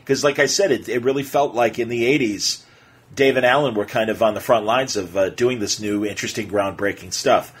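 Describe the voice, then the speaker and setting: Podcast host guy, chatty and excitable, kinda husky, lots of uhs. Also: lowish voice, brisk. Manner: animated, excitable storyteller with many fillers. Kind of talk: casual podcast storytelling.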